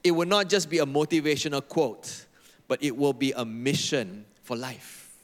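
Emphatic preacher in a reverberant hall. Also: male voice, mid-range voice, moderate pace. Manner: leads the congregation in call-and-response reading; emphatic, repeats phrases for effect. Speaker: pastor. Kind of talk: sermon. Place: church hall.

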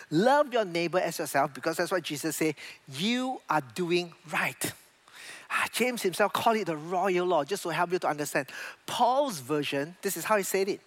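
A man with a high voice delivers a sermon as a pastor. His preaching is animated, and his English has non-native grammar.

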